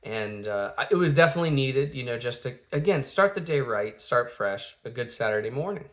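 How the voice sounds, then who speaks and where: A man's voice: mid-range voice, lively intonation, a little fast, fairly bright tone. A man in his thirties, a father telling a family story in a casual, rambling way, full of fillers and restarts, acting out the quotes.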